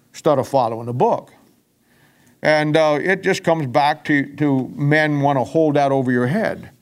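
A man preaching a folksy, emphatic sermon-style Bible teaching, with frequent restarts. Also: a little high.

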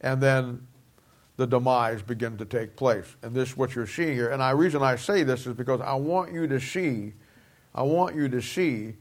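Man, middle-aged, preacher, Bible teaching sermon, emphatic, repeats points, mid-pitched. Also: moderate pace. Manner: emphatic, repeats key phrases.

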